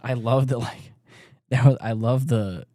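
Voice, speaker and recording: A man's voice: medium pitch, steady tone, a little slow, mellow, no room sound, clean studio sound. A man co-hosting a podcast in casual chat, rambling with many restarts and fillers. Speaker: podcast co-host.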